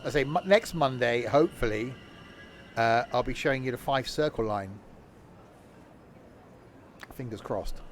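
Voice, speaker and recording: A man's voice: medium pitch, a little slow, pauses often, faint music behind. A man chatting casually as a gaming streamer while he plays a train simulator, joking at his own expense and laughing often. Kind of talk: casual chat while playing a train sim.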